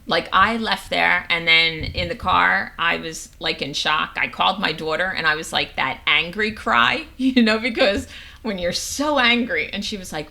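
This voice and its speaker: A woman in her fifties tells a story as a guest, with a gravelly edge and a low-set voice. Her tone stays bright and sharp. She plays out the voices of the people in her story. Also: moderate pace. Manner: animated storyteller acting out quoted dialogue. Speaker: guest, nurse and menopause coach. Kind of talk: casual storytelling interview.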